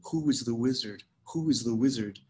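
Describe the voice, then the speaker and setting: Man giving a measured poetry reading. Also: medium pitch, darkish tone, slight background noise, rough recording. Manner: measured, unhurried reading with pauses. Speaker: poet reading his work. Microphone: video call.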